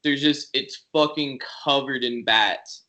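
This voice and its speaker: A male podcast co-host chatting casually. His voice is mid-pitched, and he talks in a loose, laid-back way with casual swearing. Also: fairly even intonation, slow pace, sharp tone. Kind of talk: casual chat.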